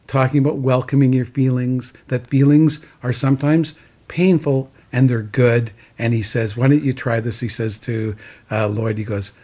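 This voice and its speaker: Husky man earnestly retelling film scenes. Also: medium pitch, darkish tone. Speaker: podcast co-host. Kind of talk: casual film discussion.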